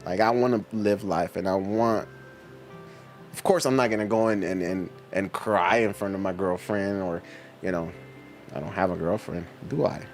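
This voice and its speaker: A man's voice: low voice, fairly even intonation, moderate pace, faint music behind. A middle-aged man hosting a livestream, chatting casually with viewers in a laid-back, slangy way and laughing often. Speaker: livestream host reading chat. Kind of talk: casual chat reading viewer comments.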